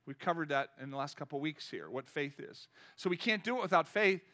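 A man's voice: fairly high pitch, expressive, brisk, bright, forceful tone. A man preaching a sermon to a congregation in a church, talking conversationally, asking the room questions and rising to impassioned cries. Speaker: pastor.

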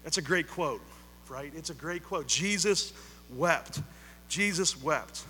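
Man preaching, high and bright, repeats lines for emphasis, church hall echo with faint hum. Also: slow pace. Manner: emphatic, repeats phrases, rises to loud appeals. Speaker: pastor. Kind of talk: sermon.

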